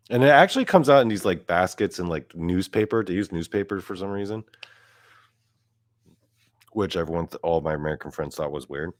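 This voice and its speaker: A man's voice: low voice, dry recording, studio quality. A young man from South Korea doing a profane, mock-boastful stand-up rant, quoting his friends in asides. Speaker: comedian.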